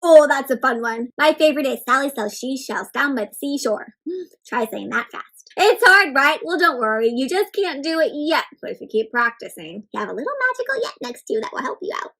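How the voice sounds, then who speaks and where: A woman reading a picture book aloud to children, pausing often to encourage them and ask them questions. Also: high voice, very animated, fairly bright tone. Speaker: children's storybook reader. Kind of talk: interactive read-aloud for kids.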